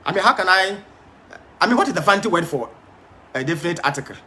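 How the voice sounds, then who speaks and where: A male preacher gives a Bible study sermon in a high, lively, bright voice. He is emphatic, stumbles and repeats words, and stops to put questions to his listeners. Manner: asks the audience questions.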